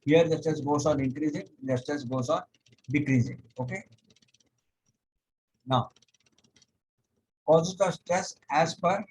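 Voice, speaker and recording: A man teaching a yoga class over a video call, explaining step by step, pausing on "okay", and chanting scripture verses slowly. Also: on the high side, a little hiss or hum, poor audio. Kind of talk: online lecture.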